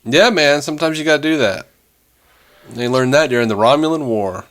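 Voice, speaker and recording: A man talks casually on a podcast, reading listener comments aloud and joking between them. His voice sits at an ordinary middle pitch, and he laughs easily. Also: fairly quick, a bit bright. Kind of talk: casual chat.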